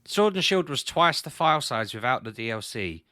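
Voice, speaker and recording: A man's voice: medium pitch, big pitch swings, moderate pace, bright, forceful tone, no echo. A man hosting a casual gaming podcast, thinking aloud with restarts and sudden exclamations. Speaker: podcast host. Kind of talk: casual chat about video games.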